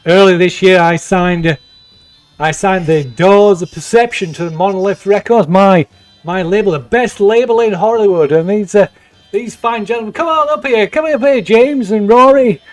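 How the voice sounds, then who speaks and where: A man voicing a drunken, boastful male record label boss in a tabletop game, shouting to a party crowd. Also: high voice, moderate pace, no room sound, soft background music, pitched above the performer's own voice, lightly acted. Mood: boisterous.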